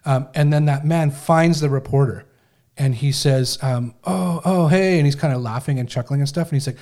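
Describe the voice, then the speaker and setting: A man's voice: medium pitch, steady tone, brisk, warm tone. A man hosting a casual talk show, retelling a news story in a loose, conversational way with acted quotes. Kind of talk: casual chat.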